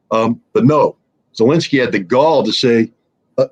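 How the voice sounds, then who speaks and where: A man's voice: medium pitch, a little fast. A man speaking as a guest analyst in a livestream discussion, emphatic and sardonic, telling stories to make his point.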